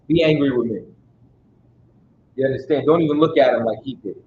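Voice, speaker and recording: A man's voice: mid-range voice, brisk. Emphatic man teaching scripture, roomy sound. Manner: emphatic, keeps checking in with listeners; casual street-style speech. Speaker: Bible teacher. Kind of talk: Bible study teaching. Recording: roomy, dull sound with faint noise.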